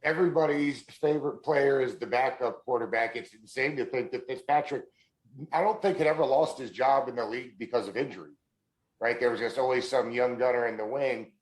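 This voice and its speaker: A man hosting a sports podcast, asking his guest questions in a relaxed, conversational way. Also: medium pitch, brisk, low-quality recording. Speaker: podcast host. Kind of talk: casual podcast interview.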